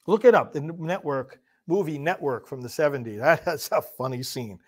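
Male priest host in a TV studio, emphatic and high-pitched. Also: moderate pace, few pauses. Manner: emphatic, repetitive restarts. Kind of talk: studio commentary and prayer.

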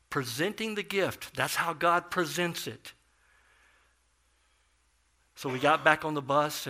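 A middle-aged man preaches a sermon in a bright, clear voice at an ordinary pitch. He tells his stories with swings between loud and soft. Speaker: pastor.

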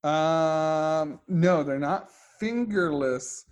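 A man's voice: a little high, drawn-out words, a little mellow. A man co-hosting a podcast in casual chat, with easygoing banter and playful asides. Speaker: podcast co-host.

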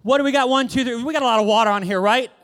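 A man's voice: very high-pitched, very fast, a bit bright, pitched above the performer's own voice. A man playing a confident prophet who orders his helpers around in an acted sermon skit, brash and teasing. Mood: bossy, confident.

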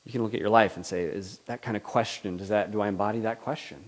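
A man's voice: lowish voice, steady tone, quick pace. A man preaching a sermon in a conversational, questioning way, often acting out the voices he quotes.

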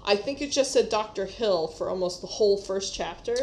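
A woman in a relaxed book conversation, speaking at a middle pitch. She works out her thoughts aloud, pausing and restarting as she goes. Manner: hesitant, thinking aloud. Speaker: podcast co-host. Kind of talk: casual book discussion.

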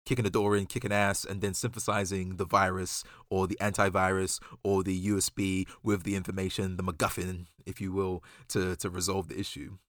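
A man with a lowish voice talks as a guest in a casual podcast chat. He tells his points in an animated, playful way. The sound is dry and close. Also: a little fast, few pauses, dry recording. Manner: animated storyteller, playful mock dialogue.

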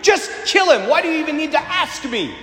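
A man's voice: extremely high pitch, sing-song, a little fast, sharp tone, voice pushed up, heavily acted. Tormented male ghost, frantic and pleading, voice jumping about, read by a man in an echoey hall. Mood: desperate.

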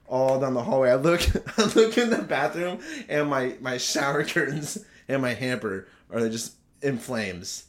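A man's voice: mid-range voice, lively intonation, measured pace. A young man telling a story in a casual chat, rambling, swearing and often laughing as he talks.

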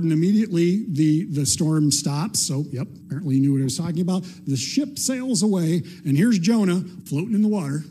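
A man's voice: fairly high pitch, mellow, a little hiss or hum. A man preaching a sermon as pastor, retelling a story in a chatty, conversational way. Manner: chatty, conversational, acts out quotes in plain voice.

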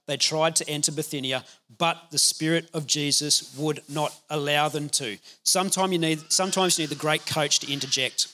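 A man pastor giving a conversational, energetic sermon, laughing now and then. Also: fairly high pitch.

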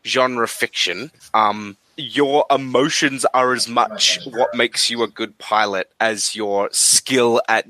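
Bright animated man. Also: mid-range voice. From Australia. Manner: animated, swearing, quick asides and laughter. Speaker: tabletop game designer. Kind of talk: casual podcast chat.

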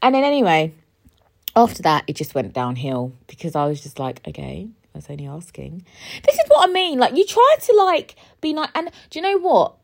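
A young woman hosting a podcast, telling a story in a chatty, expressive way, swearing freely and repeating herself for emphasis. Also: mid-range voice, brisk, gravelly. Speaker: podcast host. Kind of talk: casual storytelling monologue.

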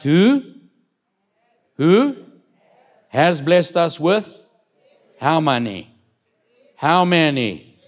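In his sermon, a male pastor alternates between loud, emphatic declarations he builds up to and quieter, low moments for reading scripture and questioning the congregation.

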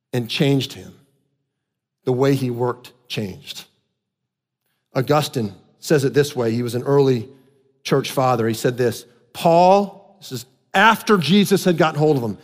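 A man preaches with a high, lifting voice that rings through a long hall reverb. He drops into quiet, low asides, then climbs back to raised, emphatic lines. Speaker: pastor. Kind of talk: sermon. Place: church sanctuary.

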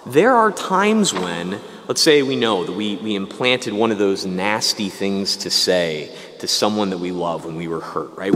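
Conversational priest in a reverberant church. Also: male voice, mid-range voice, a bit bright. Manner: conversational, informal homily. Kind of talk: homily. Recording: long reverb of a large room.

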